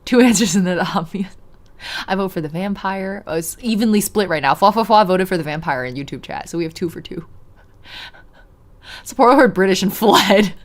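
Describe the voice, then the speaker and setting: A woman's voice: medium pitch, lively intonation, a little fast. A woman streamer chatting with her viewers, giggling often and reading visual novel prose aloud with a dramatic lilt. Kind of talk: casual let's-play chat, reading a visual novel aloud.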